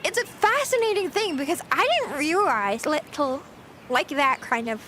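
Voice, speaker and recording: Very high-voiced giggly woman streamer. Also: big pitch swings, normal speed, pushed and bright, a little hiss or hum. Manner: giggly and chatty, reads and answers chat. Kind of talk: casual livestream chat.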